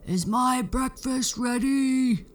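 A woman putting on a horrible, lazy old giant from a storybook, bellowing his demands loud and slow. The voice rises above her own and sounds set apart from the narration. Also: high-pitched, a little hiss or hum, voice pushed up. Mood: roaring.

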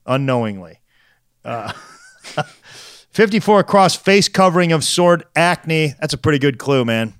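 Smooth-voiced laid-back man. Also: on the high side, expressive, measured pace, pauses often, fairly bright tone, no echo, studio quality. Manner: laid-back, short reactions, friendly. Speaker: podcast co-host. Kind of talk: casual chat about crossword puzzles.

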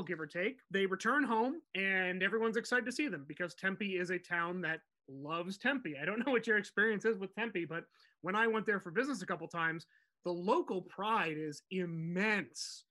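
A man hosting a podcast, telling a music story in an animated, digressive way. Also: high-pitched, normal speed. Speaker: podcast host.

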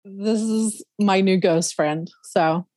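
A woman telling a story on a podcast, casual and lively. Her pitch is middling and she often laughs and mimics others. The sound is close and dry, with no room echo. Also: slow pace. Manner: animated, laughs often, imitates other people's voices. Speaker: podcast guest.

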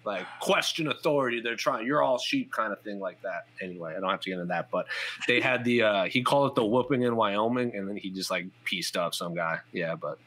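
A man's voice: on the low side, a little fast, a bit bright. A man co-hosting a podcast, chatting casually and trailing off with fillers. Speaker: podcast co-host. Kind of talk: casual chat.

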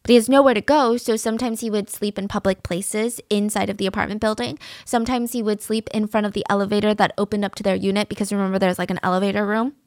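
A woman's voice: medium pitch, fairly even intonation, fast talker, hardly any pauses, no room sound, studio quality. A woman telling a true-crime case in a casual, conversational, opinionated way, using fillers like "so" and "like".

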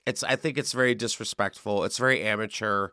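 A man's voice: fairly low pitch, steady tone, fairly quick, bright, forceful tone, no room sound, studio quality. A man hosting a podcast, ranting in a sarcastic, catty way about celebrity fashion, with some swearing. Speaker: podcast host. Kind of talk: casual chat.

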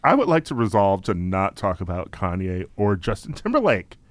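Sarcastic man with a lively voice. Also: low-pitched, moderate pace, no room sound. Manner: sarcastic, teasing. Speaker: podcast co-host. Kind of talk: casual studio chat. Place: podcast studio.

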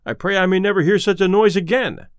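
A man's voice: high-pitched, quick pace, clear, resonant tone, no room sound, clean studio sound, close to an everyday voice. A man reading aloud, voicing a frightened, stout male innkeeper who wails and quivers. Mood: fearful. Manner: quivering, wailing.

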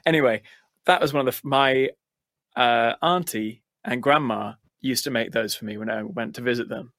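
A man's voice: mid-range voice, moderate pace, gravelly, a bit bright, dry recording. A man with an English accent, a guest in a casual interview, talking in a dry, rambling way with many restarts. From United States. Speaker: musician guest.

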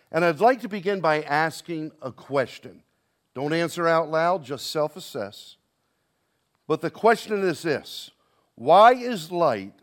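Pastor, male, high voice, preaching a church sermon with call-and-response. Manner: rhetorical questions to the congregation, call and response.

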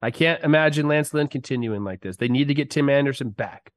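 Sick but fired up, an ex-pro player and podcast co-host argues sports emphatically in a casual studio chat. He has a medium-pitched voice and speaks a little fast.

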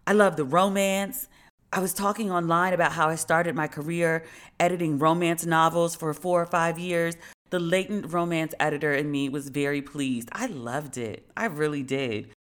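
A woman's voice: deep voice, normal speed. A woman giving a casual, candid review monologue, talking bluntly in slang with many asides. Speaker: vlogger reviewing a TV series.

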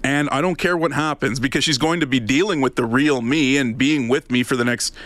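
A man's voice: mid-range voice, brisk, a bit bright, no room sound. A man co-hosting a radio talk show, sharing personal stories in an open, earnest way. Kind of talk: casual on-air chat.

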